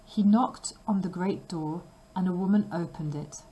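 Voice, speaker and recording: A woman reading a fairy tale aloud slowly and carefully for language learners. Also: on the low side, dark tone, highs cut off, slight background noise. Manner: slow, careful and clearly paced. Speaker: storybook reader.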